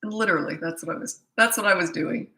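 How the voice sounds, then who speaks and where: A woman's voice: medium pitch, bright, forceful tone. A middle-aged woman, a parenting coach, talking bluntly and chattily in a casual Q&A, full of asides. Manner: blunt, chatty, frequent "anyway" asides and quick laughs. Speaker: parenting coach and channel host. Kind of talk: casual Q&A monologue with anecdotes. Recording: echoey room.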